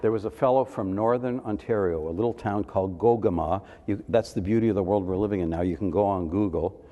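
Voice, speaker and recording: A man's voice: fairly low pitch, fast, dark tone, muffled recording. Older man telling stories in a hall. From Canada. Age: 70s. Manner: anecdotal, playful, acts out quoted voices. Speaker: panelist. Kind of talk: storytelling panel talk. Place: large hall. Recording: reverberant hall.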